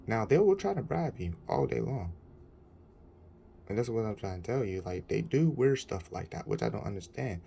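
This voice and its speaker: Gravelly-voiced man with AAVE, ranting. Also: on the low side, sing-song, normal speed, dark tone, slight background noise. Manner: rambling, indignant storytelling. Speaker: vlogger. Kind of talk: casual complaint vlog.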